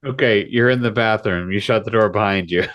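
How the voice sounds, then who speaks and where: A man's voice: on the low side, fairly quick, no room sound, muffled recording. A man narrating as game master of a tabletop game, laughing often between lines.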